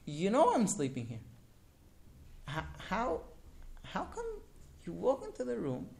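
A man's voice: high-pitched, wildly swooping pitch, unhurried, vocal fry, darkish tone, voice pushed up, full character voice. A man voicing an exasperated, bewildered young husband who keeps getting woken at night and pleads to understand why. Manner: pleading, rising with disbelief.

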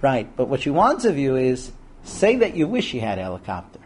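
A man teaching a Torah class to a group of men, lively and animated, acting out quoted voices and asking rhetorical questions. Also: medium pitch, fairly quick, breathy edge.

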